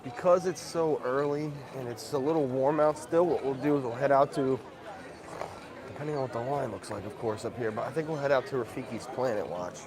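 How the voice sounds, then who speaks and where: A man's voice: medium pitch, a little fast. A man hosting a casual livestream as he walks around, easygoing and chatty, greeting viewers by name. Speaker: livestream host. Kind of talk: casual livestream chat while walking. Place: outdoors in a busy theme park. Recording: outdoor crowd noise.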